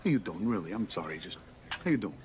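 An actor playing a pushy, theatrical debt collector who swaggers and swears, in film drama dialogue. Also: male voice, low voice, expressive, fast talker. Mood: indignant.

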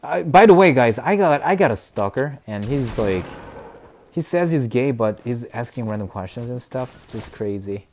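A young man streaming a video game, chatting casually and excitably, often laughing and mumbling then cheering loudly. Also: medium pitch, normal speed, a little hiss or hum. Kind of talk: casual live gameplay commentary.

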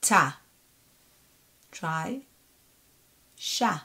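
A woman's voice: fairly low pitch, expressive, very slow, creaky, sharp tone. A woman teaching a reading lesson, patiently sounding out syllables and repeating each one. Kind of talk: slow step-by-step reading lesson.

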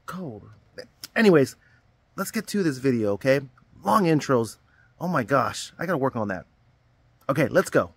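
A man's voice: mid-range voice, very animated, normal speed, long pauses, breathy edge, no room sound. A man vlogging from an outdoor summer camp, rambling in an upbeat, self-deprecating way as a camp counselor. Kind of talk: casual vlog talk to camera.

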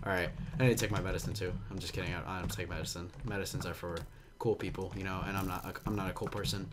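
A young man giving excitable, jumpy commentary on a game, with a slight cough and frequent yelps and laughs. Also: low-pitched, quick pace. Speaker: gaming commentator. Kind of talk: casual Minecraft gameplay commentary.

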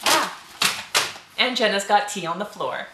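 A woman's voice: mid-range voice, lively intonation, unhurried. A woman hosting a casual tea unboxing vlog, chatty and enthusiastic, often saying "like". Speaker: tea vlogger host. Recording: echoey room with faint noise.

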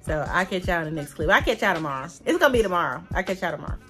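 A woman's voice: on the low side, animated, very fast, a bit bright, faint music behind. A woman vlogger talking straight to her viewers in a casual, heartfelt way, chatty and calling them y'all. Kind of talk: casual vlog talk to viewers.

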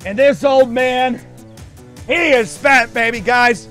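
A man streaming a hunting game, commenting with hype, whooping and shouting, then dropping to quiet murmurs. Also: very high-pitched, takes it slowly, soft background music. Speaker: gaming streamer.

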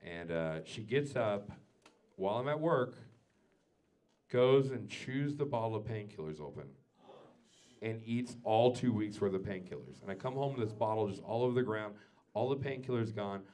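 A man doing a stand-up comedy set, telling a story with lots of swearing and swinging from quiet asides to loud rants. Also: lowish voice, lively intonation, normal speed. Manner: swears freely. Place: comedy club stage before a live audience.

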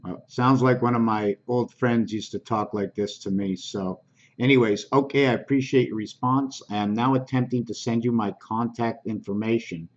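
A man hosting his own channel, slowly reading comments aloud in a halting, casual way with frequent ums. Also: mid-range voice, fairly even intonation, muffled recording.

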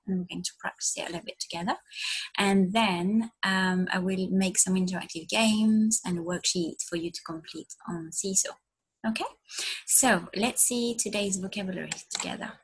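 A woman's voice: medium pitch, breathy edge. A woman teacher giving an online lesson to young children, encouraging them and modelling words for them to repeat. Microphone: recorded for an online video lesson.

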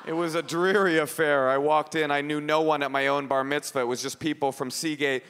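A man from Oakland doing stand-up, with a fairly high voice that jumps up sharply for punchlines. He tells stories quickly with dry irony, then eases into relaxed guest chat. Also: clean tone, long reverb tail. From Oakland, USA. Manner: animated, quick, ironic storytelling. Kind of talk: stand-up set on live radio.

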